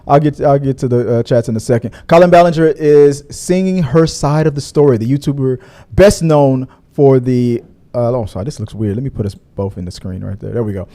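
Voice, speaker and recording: A podcast host runs a casual online show, chatting loosely with frequent laughter. Now and then he slips into high, mocking voices. His tone is mellow.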